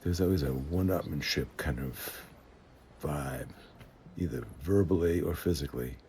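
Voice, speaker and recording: A man, telling stories from his life in an unhurried, conversational way with frequent hesitations and restarts. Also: rumbling low, warm tone, slight background noise. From the Bronx, New York. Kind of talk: reflective personal storytelling. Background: faint guitar music.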